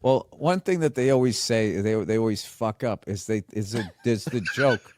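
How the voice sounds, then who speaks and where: A man's voice: medium pitch, moderate pace, a little mellow, no room sound. A man from Boston with a Boston accent, teasing and blunt in casual podcast chat, often laughing through his stories.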